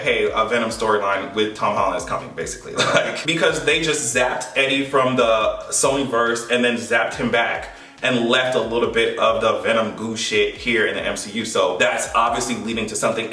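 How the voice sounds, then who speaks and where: A man recapping a movie in a casual, animated way, swearing, joking and laughing as he goes. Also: mid-range voice, recorded from a distance. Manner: animated, profane and playful, laughing often. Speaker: movie reaction vlogger. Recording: echoey room, voice a bit off-mic, faint music.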